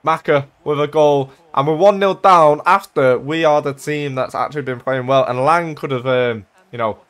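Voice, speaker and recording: Excitable young man, gaming commentary. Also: on the high side, normal speed, smooth. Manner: excitable, chatty, bursts of shouting at chances. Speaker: gaming YouTuber. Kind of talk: casual gameplay commentary.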